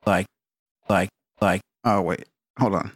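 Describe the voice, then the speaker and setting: A man's voice: sits low, steady tone, takes it slowly, husky, no echo. A man co-hosting a casual podcast, dropping dry quips and laughing easily. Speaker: podcast co-host.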